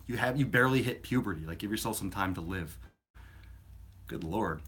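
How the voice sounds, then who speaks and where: A man's voice: on the low side, expressive, normal speed, long pauses, a bit bright. A man hosting a casual fitness live stream, rambling and answering viewer questions in a blunt, sometimes profane way. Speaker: fitness livestream host.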